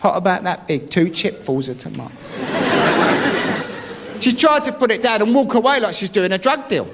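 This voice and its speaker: A man's voice: high-pitched, sing-song, moderate pace, heavy background noise. A man doing a wry stand-up routine, telling stories and mocking the voices of the people in them. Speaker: stand-up comedian. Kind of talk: stand-up routine before a live audience. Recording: comedy club recording with loud audience laughter. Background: crowd laughing.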